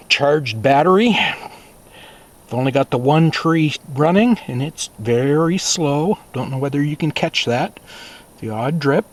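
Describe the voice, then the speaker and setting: Slow-talking man at his cabin. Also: mid-range voice. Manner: slow, plain-spoken, talking to himself with sighs and asides. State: out of breath. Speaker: cabin owner filming his visit. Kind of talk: casual vlog narration. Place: small off-grid cabin and the woods outside.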